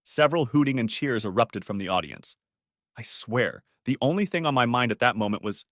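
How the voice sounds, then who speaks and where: A man's voice: medium pitch, animated, brisk, a bit bright, no echo, clean studio sound. A man narrating a first-person story audiobook in a wry, conversational way.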